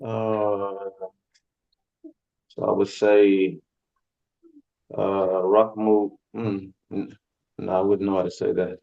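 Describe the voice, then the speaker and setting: A man learning Arabic in an online lesson, answering slowly and hesitantly. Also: low-pitched, flat delivery, vocal fry. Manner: hesitant, slow, searching for words. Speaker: Arabic student. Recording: muffled video-call audio.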